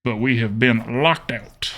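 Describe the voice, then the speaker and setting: A man's voice: medium pitch, measured pace, fairly bright tone. A young man streaming a card game, chatting casually and thinking aloud with murmured hmms and repeated okays. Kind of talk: casual live gameplay commentary.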